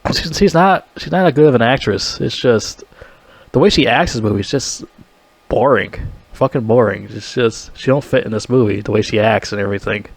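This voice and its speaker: A man's voice: mid-range voice, brisk, no room sound. Rambling, foul-mouthed man reviewing a movie. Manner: rambling, heavily profane, blunt.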